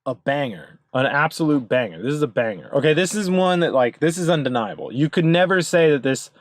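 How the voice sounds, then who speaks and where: A man's voice: on the high side, expressive, fairly quick, no echo, studio quality. A man ranting through a commentary video, insistent and profane, with a rambling delivery full of fillers. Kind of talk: ranting commentary over card images.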